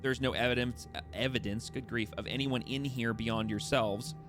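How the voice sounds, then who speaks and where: A man's voice: mid-range voice, fairly even intonation, normal speed, over music. A man narrating a tabletop game as its game master, with a rambling, self-correcting delivery. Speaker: dungeon master.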